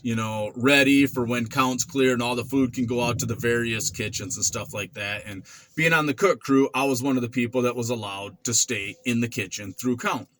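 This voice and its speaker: A man in his forties casually telling a story about his past, acting out voices and sound effects as he goes. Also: mid-range voice. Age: 40s. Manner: animated, acts out quotes and sound effects. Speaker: vlogger.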